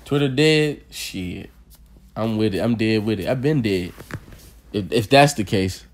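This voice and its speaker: A man hosting a podcast, telling stories in loud, profane, laughing banter. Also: fairly low pitch, animated, a little slow. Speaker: podcast host.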